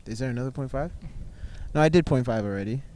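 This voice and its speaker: A man's voice: mid-range voice, fast talker, warm tone. A young man chatting casually outdoors on a rooftop, joking and laughing often as he guesses. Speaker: co-host guessing ancestry results. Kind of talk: casual banter.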